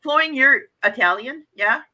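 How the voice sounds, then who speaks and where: Chatty Wisconsin woman livestream host with a crisp, bright voice, casual talk. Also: high-pitched, lively intonation, moderate pace. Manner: chatty, reads chat messages aloud. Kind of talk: casual chat.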